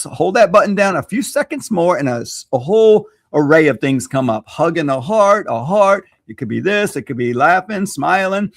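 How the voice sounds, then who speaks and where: A man from Louisiana, a social media expert guest, explaining strategy in an animated, self-deprecating way and laughing readily. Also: a little high, no room sound, studio quality. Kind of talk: conversational teaching.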